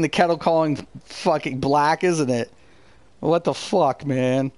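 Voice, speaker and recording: Brief: male gaming streamer, combative and foul-mouthed, slightly high voice, dead-dry booth sound. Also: slow pace, no room sound. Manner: heated, profane, combative. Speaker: gaming streamer and channel host. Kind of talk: live stream rant, answering chat.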